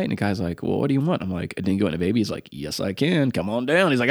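Podcast co-host, male, American, fast and lively storyteller, dry close sound. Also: on the low side, no echo. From United States. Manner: animated storyteller, acts out quotes. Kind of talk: casual podcast chat.

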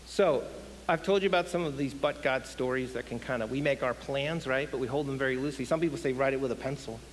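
A man preaching a sermon, animated and often asking the audience questions. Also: mid-range voice, fast talker. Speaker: guest speaker. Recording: hissy hall with long reverb.

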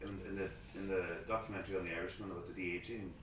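A low-voiced man asks a question from the audience, starting over as he speaks. He is picked up from far off in a roomy hall with a faint background hum. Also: fairly even intonation, racing, fairly bright tone. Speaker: audience member asking questions. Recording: distant, echoey hall recording.

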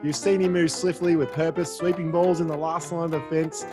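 Man with a higher voice. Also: level tone, brisk, over music. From Australia. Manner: giggly, eager banter. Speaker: podcast co-host. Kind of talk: casual sports debate.

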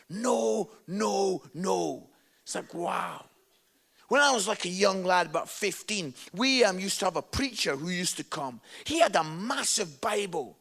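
A travelling evangelist gives a chatty, jokey sermon-style talk to a live audience in a hall, often checking in with "yeah?". His voice sits high and is creaky and a bit bright, animated yet unhurried.

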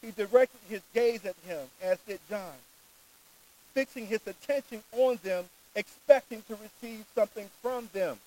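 A man delivers a sermon in an unusually high voice. He reads scripture aloud and preaches earnestly, stressing his key words. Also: moderate pace, mellow, low-quality recording.

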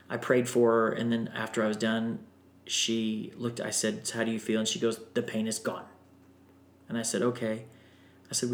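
A man, a singer guest on a podcast, telling an emotional story in an animated way. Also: medium pitch. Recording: roomy echo.

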